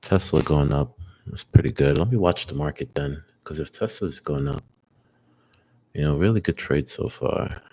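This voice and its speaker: A man in his twenties narrates his day trades live to himself for a trading vlog, at a moderate pace. His talk is slangy and excitable, he swears constantly and repeats lines, and he bursts into high, hyped yelps and shouts.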